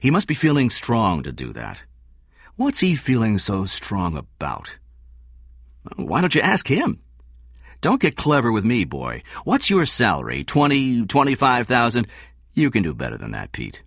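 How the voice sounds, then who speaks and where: A man voicing a scheming, insistent male company director who pushes hard and angers quickly, in a read story. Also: mid-range voice, wildly swooping pitch, creaky, fairly bright tone, no echo, studio quality, voice pushed up, full character voice. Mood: wheedling.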